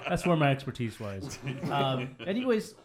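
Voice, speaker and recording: A man co-hosting a casual podcast, joking around, laughing often and filling pauses with "uh" and "um". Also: medium pitch, big pitch swings, a crowd in the background. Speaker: podcast co-host.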